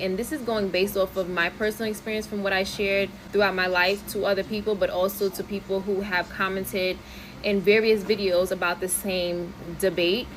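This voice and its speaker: Woman from the U.S., mid-pitched voice, earnest deliberate talk to camera. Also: low-quality recording. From United States. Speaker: social media commenter.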